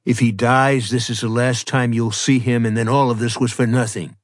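A man's voice: on the low side, fairly even intonation, normal speed, no room sound, clean studio sound, pitched below the performer's own voice, natural voice. A man voicing a terse, agitated young man in an audiobook, speaking in short, urgent orders. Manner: clipped and urgent.

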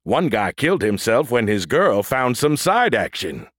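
A man voicing a damaged, stuttering android soldier in a battlesuit with a booming voice, in an audiobook. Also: big pitch swings, fairly bright tone, breathy edge, dry recording, studio quality, exaggerated voice. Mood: eager booming. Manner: stutters on first sounds, booming, slow drawn-out words. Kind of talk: audiobook character voice.

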